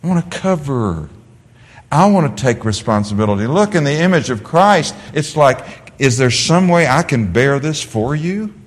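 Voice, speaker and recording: A man from the Netherlands delivers a sermon with a lively, swinging delivery, leaning hard on key words and then softening into gentle storytelling. His voice carries a long reverberant tail, as if filling a big sanctuary. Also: medium pitch, normal speed. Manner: animated preaching, drops to a soft storytelling voice. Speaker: pastor.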